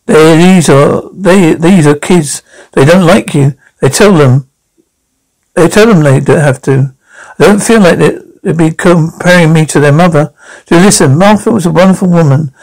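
An actor doing a gentle older widower in a film scene. His voice sits slightly high with a gravelly edge. He speaks haltingly and often restarts his sentences. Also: lightly acted, low-quality recording. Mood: reassuring. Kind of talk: film dialogue.

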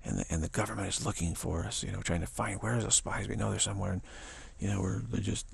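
A man giving a spiritual talk who speaks haltingly, stammers and repeats words, and chuckles at his own points. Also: low voice, fairly even intonation, vocal fry, slightly rough, dry recording. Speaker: spiritual teacher.

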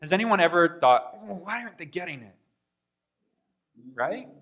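High-voiced man preaching conversationally. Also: lively intonation, moderate pace. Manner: conversational preaching with rhetorical questions and quoted prayers; swings from quiet asides to loud bursts. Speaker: pastor. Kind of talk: sermon.

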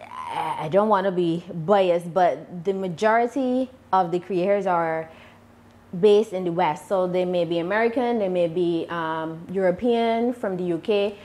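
A woman from Barbados with a Barbadian accent, answering interview questions about her channel in a deliberate, measured way. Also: lowish voice, warm tone. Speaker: YouTuber guest.

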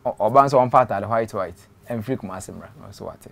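A man with a Ghanaian accent telling his story in an interview, dropping to quiet trailing phrases and slipping in English words. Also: on the low side, a little fast, creaky, a crowd in the background. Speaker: interview guest.

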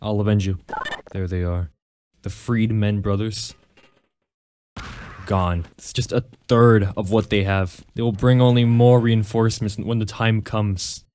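Excitable, joking male gameplay commentator. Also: fairly low pitch, measured pace, slight background noise. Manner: joking, excitable, laughs often; sarcastic mock praise.

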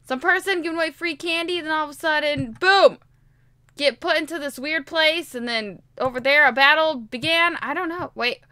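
High bright chatty young woman gamer. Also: a little fast, hardly any pauses, no echo. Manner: chatty, rambling, giggly. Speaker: gaming YouTuber. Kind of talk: casual gameplay commentary.

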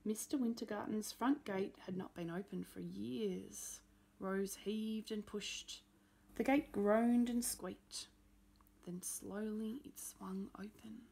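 Gravelly woman reading a picture book. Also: medium pitch, fairly even intonation, takes it slowly. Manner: gentle storytime delivery, pointing out pictures. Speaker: storybook reader.

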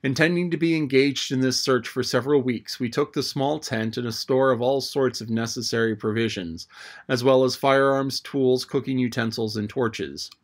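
A man reading a classic adventure novel aloud with a steady, even storytelling delivery. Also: medium pitch, normal speed. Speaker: audiobook narrator. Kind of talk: scripted narration of a classic novel.

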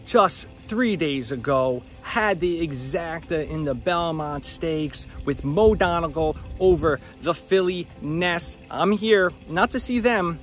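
A man hosting a casual walk-and-talk vlog at a racetrack barn, excited and chatty, sometimes stumbling over his words, recorded outdoors on a handheld camera. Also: fairly high pitch. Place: outdoors at a horse barn shed row.

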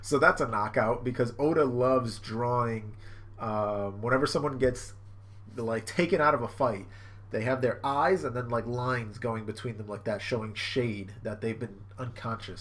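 A man giving casual, excitable live reaction commentary, swearing freely. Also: mid-range voice, normal speed. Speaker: streamer reacting to a comic.

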